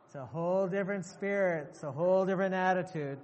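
A man's voice: sits high, quick pace, darkish tone, in a large hall. A male pastor preaching a sermon emphatically to his congregation, repeating phrases for effect.

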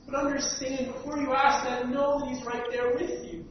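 A male preacher giving an earnest sermon, stumbling over repeated words and swinging between loud stress and near-quiet. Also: very high voice, flat delivery, moderate pace. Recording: dull, echoey hall from far off, faint hiss.

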